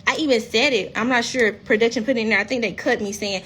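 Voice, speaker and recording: Blunt woman, high-pitched livestream chat. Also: fast talker, fairly bright tone, a little hiss or hum. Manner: candid, blunt, profane storytelling. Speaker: reality TV cast member. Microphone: phone.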